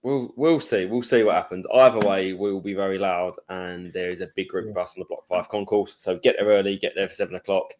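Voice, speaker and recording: A man with a low voice co-hosting a football fan podcast. He talks in casual chat, joking and cutting in on the others. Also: steady tone, fairly quick, hardly any pauses, a little mellow. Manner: joking, interrupting. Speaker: podcast co-host.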